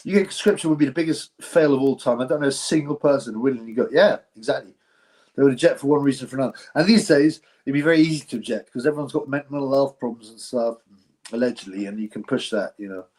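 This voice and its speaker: A man's voice: mid-range voice, fast, a little mellow. A man hosting a live boxing stream, chatting casually to viewers in a blunt, rambling, slangy way. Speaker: host of a live boxing show.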